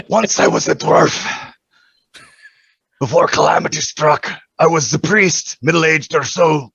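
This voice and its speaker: A horribly burned, skeletal dwarf dhampir croaks in a gravelly, husky rasp with a mock Scottish lilt, as a man puts him on at the game table. His voice swoops up and down over a dull, lo-fi mic. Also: a little high, fairly bright tone, dry recording, heavily acted. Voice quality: raspy, grating. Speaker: player. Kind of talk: in-character tabletop introduction.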